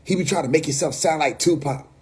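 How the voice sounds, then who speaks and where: Livestream host, New York man, husky tone, blunt and profane, casual rant on a phone mic. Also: a little high, fast, darkish tone. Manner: blunt, profane, laughing asides.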